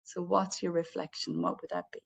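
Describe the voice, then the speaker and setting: A woman's voice: fairly low pitch, little pitch movement, fairly quick, vocal fry, breathy edge. A woman giving an online training webinar over a video call, explaining things in a friendly way and speaking directly to the participants. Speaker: webinar presenter on healthcare communication.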